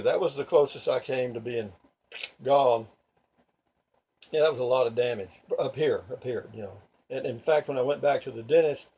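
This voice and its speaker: A man's voice: mid-range voice, dark tone. An older man vlogging, telling rambling personal stories in a folksy, profane, digressive way.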